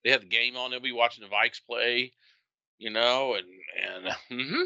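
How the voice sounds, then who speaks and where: A man's voice: mid-range voice, fairly even intonation, moderate pace, bright, forceful tone, dry recording, lo-fi sound. A man co-hosting a podcast, chatting casually and telling wry, joking stories. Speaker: podcast co-host. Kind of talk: casual chat.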